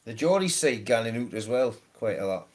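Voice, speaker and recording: A man's voice: mid-range voice, very animated, moderate pace, darkish tone. Hesitant British man chatting on a stream. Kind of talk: casual chat.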